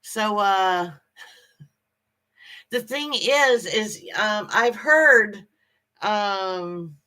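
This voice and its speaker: A woman hosts a relaxed livestream and greets her viewers one by one. She talks slowly and her tone is bright and forward. Her chat is halting and full of ums and restarts. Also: medium pitch. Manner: greets viewers cheerfully by name. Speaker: livestream host.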